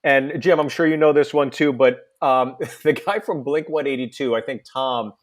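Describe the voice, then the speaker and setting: A man's voice: medium pitch, moderate pace. A man, a comedian guest, chatting on a podcast and telling rambling anecdotes. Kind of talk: casual podcast chat.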